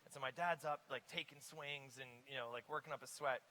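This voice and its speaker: Investor guest, bright forceful voice, lively storyteller on a conference stage. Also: male voice, medium pitch, fairly quick, poor audio. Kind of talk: onstage conference interview.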